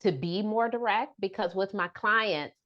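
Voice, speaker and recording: A woman therapist talking frankly and lively in a podcast interview, often slipping into little scenes with clients. Her voice sits at an average pitch. The audio is somewhat muffled and lo-fi. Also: a little slow. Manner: direct and animated, acts out client exchanges. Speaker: therapist and author, podcast guest.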